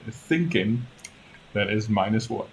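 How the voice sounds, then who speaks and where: A man in the game master's seat, talking slowly with a slightly low voice. His narration is easygoing and halting, broken up by frequent chuckles. A faint hiss sits behind him. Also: expressive, creaky, poor audio.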